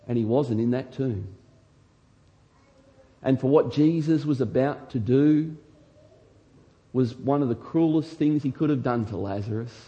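An animated male preacher delivering a sermon. He reads scripture dramatically and sometimes shouts out the lines he acts out. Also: medium pitch, lo-fi sound. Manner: shouts dramatically when acting out quotes. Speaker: pastor.

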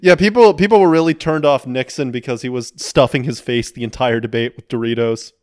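A man's voice: medium pitch, fairly quick, darkish tone, no room sound, studio quality. A man co-hosting a comedy podcast, joking, agreeable and often laughing in casual banter. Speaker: podcast co-host, debater.

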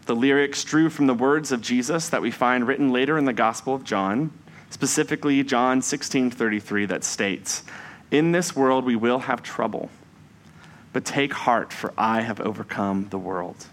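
Delivering a Sunday sermon, a man speaks at medium pitch in a reflective, measured manner. He slows down on key phrases to give them emphasis.

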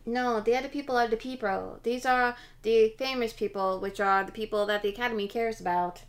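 A woman's voice: on the high side, steady tone, fairly quick, slight background noise. A woman co-hosting a podcast in casual chat, chatty and opinionated, often talking over her partner. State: chewing while talking. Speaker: podcast co-host.

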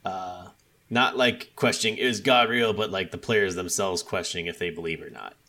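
A man's voice: low-pitched, moderate pace, bright, forceful tone. A man in casual chat, retelling a video game's story in a rambling way, full of fillers and quoted lines. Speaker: podcast co-host discussing a video game.

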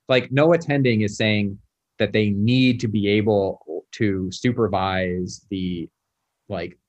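Lower-voiced man, dull sound. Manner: explanatory, wry, many fillers. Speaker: postdoctoral researcher guest. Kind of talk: casual conversation.

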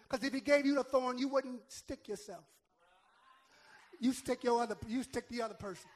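A man's voice: extremely high pitch, fairly even intonation, moderate pace. A male pastor preaching a sermon, emphatic, repeating words and calling on the congregation to answer back.

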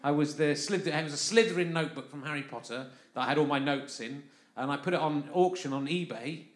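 A man's voice: a little high, fast talker. A man from London, hosting a live comic podcast, rambling and chatty and often laughing through his lines. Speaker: podcast host. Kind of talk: live comic monologue to an audience. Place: live festival venue. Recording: roomy live venue sound.

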